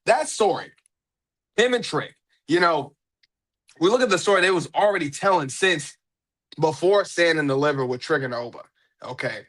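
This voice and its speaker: A high-voiced man hosts his own podcast, riffing casually on his own with lots of energy. He jokes around, laughs often, and hams up getting choked up. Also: normal speed, pauses often. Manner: excitable, joking, often laughing, fake choked up. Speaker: podcast host. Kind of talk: casual solo commentary.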